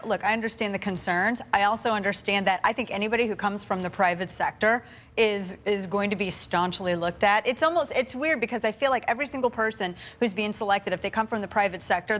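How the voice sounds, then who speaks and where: A woman weighs in on a studio panel in a mid-pitched voice. Her delivery is casual and conversational, and she thinks aloud with everyday phrases. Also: fairly quick, fairly bright tone. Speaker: political commentator. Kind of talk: panel debate.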